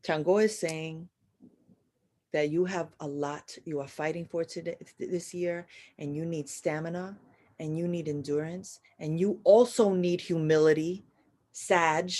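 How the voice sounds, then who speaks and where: A woman's voice: on the low side, lively intonation, a little slow. Blunt, swearing woman giving a spiritual reading. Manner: blunt and profane, swinging between loud exhortation and soft murmurs; repetitive, chant-like phrasing with Spanish and slang. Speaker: astrology and spiritual reader. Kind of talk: live horoscope reading in an audio chat room.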